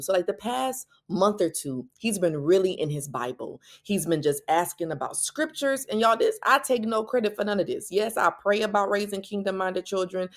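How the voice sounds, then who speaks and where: A woman, telling a personal faith story as a Christian parenting speaker, her voice jumping higher when she quotes people. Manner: animated, rising pitch when quoting others.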